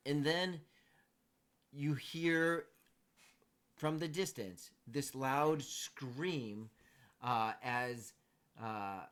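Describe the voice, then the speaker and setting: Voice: mid-range voice, drawn-out words, pauses often. Easygoing game master, casual rambling narration. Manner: easygoing, filler-heavy narration.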